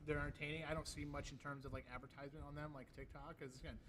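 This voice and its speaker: A man's voice: on the high side, little pitch movement, a bit bright. A young man co-hosting a weather livestream, chatting casually and joking. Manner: quick, joking banter. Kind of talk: casual chat.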